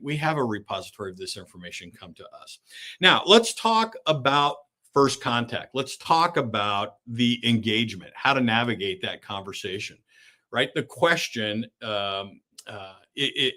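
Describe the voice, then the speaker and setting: A man's voice: fairly low pitch, pushed and bright. A middle-aged man hosting a live online coaching session. He tags his points with "right?" and speaks with many fillers and restarts.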